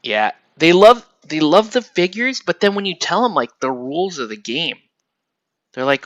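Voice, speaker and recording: A man chats casually on a livestream while he paints miniatures, rambling from one excited aside to the next. His voice is bright and sharp, and the sound is dry and close to the mic. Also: on the high side, normal speed, no echo. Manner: rambling, excitable, laughs often. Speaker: livestream host.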